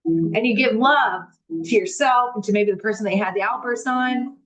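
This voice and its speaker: High-voiced woman teaching on a livestream. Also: fairly bright tone, poor audio. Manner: candid, swears freely, acts out inner dialogue; reads aloud from a book slowly. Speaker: spiritual teacher on a live stream. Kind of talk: livestream spiritual talk.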